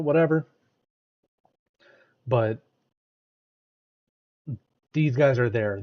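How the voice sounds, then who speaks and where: A man's voice: mid-range voice, highs cut off. Hesitant American man, casual commentary. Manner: hesitant, restarts and repeats words. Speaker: reaction streamer.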